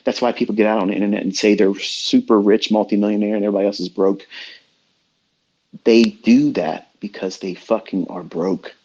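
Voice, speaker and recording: A man's voice: lowish voice, fairly even intonation, brisk, darkish tone, slightly rough. Blunt, profane middle-aged man ranting. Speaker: trading mentor. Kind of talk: ranting motivational talk. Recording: dull lo-fi online audio room.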